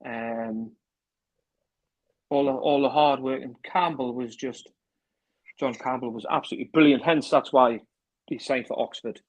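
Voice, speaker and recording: A man with a North East English accent spins long anecdotes, slipping into the voices of people he phoned. His voice is husky and breathy, sitting at an everyday middle pitch. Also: fairly even intonation, unhurried, long pauses, poor audio. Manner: rambling storyteller acting out phone calls with repeated "I says". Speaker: interview guest, former club manager. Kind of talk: casual anecdote telling.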